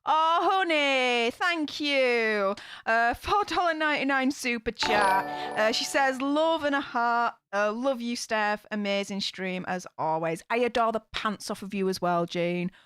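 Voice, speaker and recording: A woman's voice: a little high, measured pace, a bit bright, faint music behind. A woman hosting a casual live stream, gushing with thanks to her viewers.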